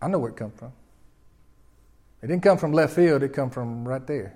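Folksy preacher, rising and falling. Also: male voice, animated, normal speed. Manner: folksy, rising to loud emphatic peaks then dropping low. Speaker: pastor. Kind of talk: sermon.

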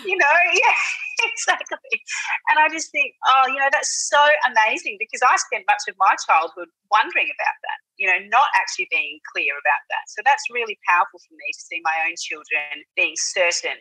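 Woman guest, 30s, earnest and reassuring; husky, bright tone, dry sound. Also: mid-range voice, lively intonation, brisk, no room sound, low-quality recording. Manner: earnest, reassuring, many fillers. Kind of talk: casual chat.

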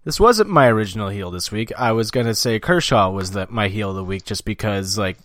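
A man's voice: lowish voice, fairly quick, no echo, studio quality. A man co-hosting a casual podcast, telling stories in a crude, joking way. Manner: crude, joking, animated storyteller. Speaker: podcast co-host. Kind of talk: casual storytelling chat.

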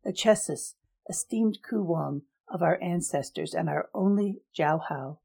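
A woman's voice: lowish voice, a little slow, vocal fry, warm tone, slightly rough, heavily acted. A woman voicing a ceremonious ruler who formally gives up the throne in a storybook reading. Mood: solemn.

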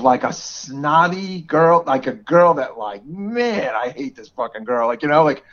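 A man in his forties with a New York area accent, co-hosting a podcast in casual chat and laughing often. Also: a little high. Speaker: podcast co-host. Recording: dull lo-fi podcast audio.

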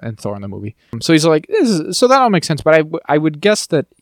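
A man's voice: on the high side, wildly swooping pitch, quick pace, no echo. A man co-hosting a podcast in casual chat, chatty and joking as he thinks aloud. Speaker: podcast co-host.

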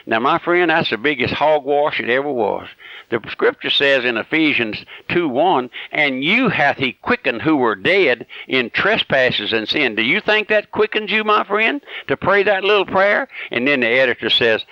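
Folksy, fervent preacher, gravelly. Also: male voice, mid-range voice, lively intonation, normal speed, pushed and bright, no echo. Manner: folksy, fervent, pleading preaching with rhetorical questions. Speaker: radio preacher. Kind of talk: radio sermon. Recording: dull, dry, lo-fi radio recording.

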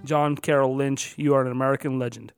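A man's voice: medium pitch, level tone, a little fast, music in the background. A man co-hosting a casual podcast, announcing numbered categories with extra emphasis and then chatting loosely. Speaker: podcast co-host.

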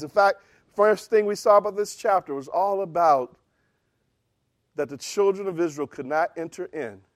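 A middle-aged man with a high voice preaches a sermon, swinging from loud, emphatic bursts down to hushed lines. The sound is dry and close, with no room around him. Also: dry recording. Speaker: pastor.

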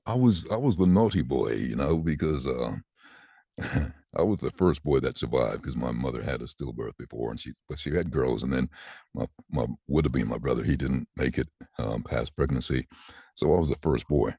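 A man in his sixties who is a voiceover artist, telling lively stories about his life in a relaxed interview. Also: very deep voice, normal speed, breathy edge, no room sound, studio quality. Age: 60s. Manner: chatty, animated anecdotes with laughs. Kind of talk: casual storytelling interview.

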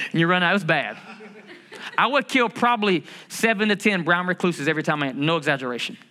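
A man preaching a sermon as pastor of a church, in a lively conversational way with humor and rhetorical questions. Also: fairly high pitch, a little fast. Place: church building.

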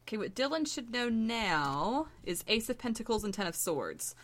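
A woman's voice: fairly high pitch, very animated, normal speed, a bit bright. A woman co-hosting a podcast, chatting playfully about tarot and teasing her co-host.

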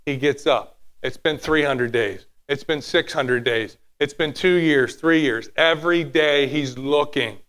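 A man delivering a sermon in a high, bright voice. He is animated, sometimes drops to a hushed tone and acts out little quotes as he preaches. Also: a little slow, hardly any pauses. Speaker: pastor.

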